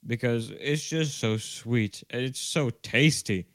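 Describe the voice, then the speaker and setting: Speaking slowly in a mid-range voice with no room sound, a young man co-hosts a podcast by video call from his home. The talk is jokey, loose and meandering, peppered with casual swears.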